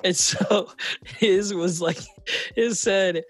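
Animated young man telling stories. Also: high-pitched, drawn-out words, slightly rough. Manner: animated storyteller, acts out voices in anecdotes. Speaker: podcast host. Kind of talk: casual chat.

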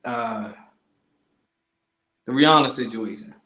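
A man's voice: mid-range voice, slow, pushed and bright, echoey room. A man co-hosting a casual chat, laughing often, repeating himself and acting out other people's lines. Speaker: podcast co-host.

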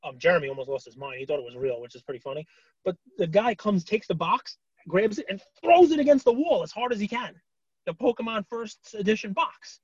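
A man co-hosting a podcast, chatting casually with lots of fillers and animated retelling. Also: high-pitched, fairly quick, husky, dry recording, lo-fi sound. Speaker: podcast co-host. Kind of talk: casual chat.

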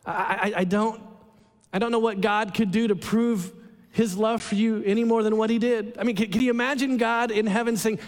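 A male pastor preaching a sermon to a congregation, emotive, slowing down for emphasis and asking the room questions. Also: sits high, steady tone, big-room sound. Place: church sanctuary.

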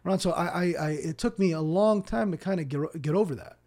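Mellow, higher-voiced Palestinian-born imam. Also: male voice, fairly quick. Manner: animated storyteller who acts out dialogue; repeats words as he restarts. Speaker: imam and podcast guest. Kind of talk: casual storytelling interview.

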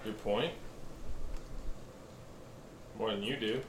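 A man's voice: on the low side, slow pace, noisy background. A man co-hosting a casual podcast, teasing and sarcastic with his partner. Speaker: podcast co-host. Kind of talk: casual banter.

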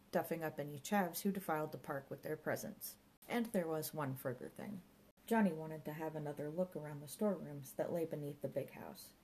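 A woman narrating an audiobook in a measured storytelling manner. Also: deep voice, a little mellow, a little hiss or hum, rough recording.

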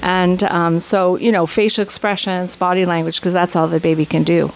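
A woman's voice: lowish voice, level tone, normal speed, slight background noise, poor audio. A woman instructor for a children's empathy program, answering interview questions with enthusiasm and often tagging her points with "right?". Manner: enthusiastic, frequent "right?" tags. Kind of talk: interview guest.

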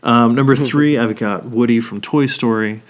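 A man's voice: mid-range voice, moderate pace. A man in his thirties, a podcast co-host, chatting casually, swearing often and getting emotional about films. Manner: swears a lot, gets emotional about movies. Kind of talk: casual chat.

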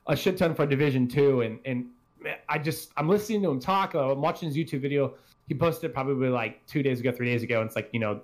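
A man's voice: mid-range voice, darkish tone. A man hosting a casual gaming podcast, rambling and swearing freely as he talks. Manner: rambling, profane, self-deprecating. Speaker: podcast host.

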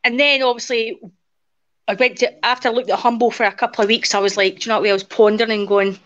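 A woman's voice: on the high side, fast. A woman in her forties, a guest in an interview, casually telling a personal story and acting out the dialogue as she goes. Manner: lively retelling that acts out quoted dialogue. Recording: dull lo-fi audio.

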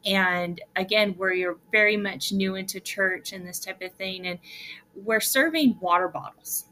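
A woman in her thirties with a bright, clear tone shares stories as a podcast guest. She tells them in an animated way and slips into the voices of the people she quotes. She speaks at an ordinary, mid-range pitch. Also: measured pace, a little hiss or hum. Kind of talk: casual interview storytelling.

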